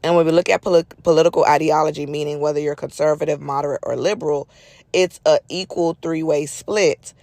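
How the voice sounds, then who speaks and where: A woman's voice: sits low, steady tone, brisk, a little mellow, no echo. A middle-aged woman hosting a solo podcast in casual, chatty talk, her nose a little stuffy, with folksy asides. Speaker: podcast host.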